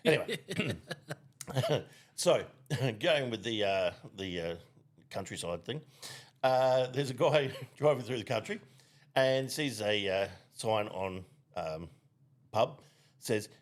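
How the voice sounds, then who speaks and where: A man's voice: mid-range voice, animated, takes it slowly, pauses often. A man co-hosting a crude comedy podcast, rambling through long jokes and laughing as he talks. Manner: rambling joke-teller, laughs through lines. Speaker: podcast co-host.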